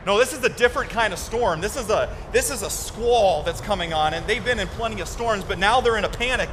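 A man preaching a sermon as pastor, moving between hushed and loud, excited storytelling, and asking the congregation to repeat words. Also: sits high, brisk, hardly any pauses, noisy background. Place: church sanctuary. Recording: long hall reverb.

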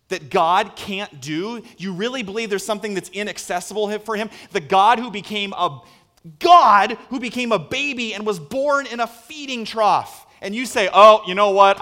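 A man with a somewhat high voice delivers a sermon. He talks earnestly and leans on rhetorical questions. He swings between hushed asides and emphatic lines. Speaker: pastor.

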